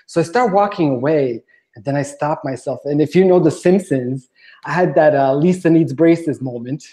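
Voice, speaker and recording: Mellow-voiced man telling a rambling story. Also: on the high side, normal speed. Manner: rambling, many "you know" fillers, acts out quotes. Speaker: podcast guest. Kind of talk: casual storytelling chat.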